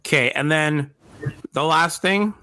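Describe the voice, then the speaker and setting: Bright-voiced man hosting a podcast. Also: on the high side, measured pace, no room sound. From Montreal area, Canada. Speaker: podcast co-host. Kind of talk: casual chat.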